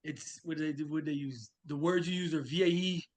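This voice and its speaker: Higher-pitched man, frank interview guest. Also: fairly even intonation, moderate pace. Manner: frank, storytelling, acts out quoted remarks. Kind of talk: conversational interview.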